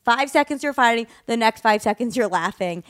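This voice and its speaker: Animated young woman podcast host. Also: a little high, brisk, no room sound, studio quality. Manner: animated storytelling, acts out quotes loudly. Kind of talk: casual chat. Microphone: studio microphone.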